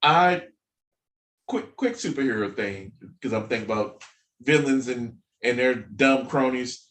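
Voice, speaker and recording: A man's voice: mid-range voice, lively intonation, unhurried, fairly bright tone, distant mic. A man co-hosting a podcast in casual chat, ranting about cartoons and movies and laughing often. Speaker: podcast co-host. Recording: roomy echo, somewhat off mic.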